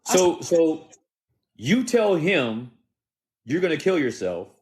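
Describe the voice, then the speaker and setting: A man's voice: fairly high pitch, sing-song, takes it slowly, darkish tone, a little hiss or hum. A man hosting a podcast interview, recapping the guest's story in short prompting questions. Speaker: podcast host.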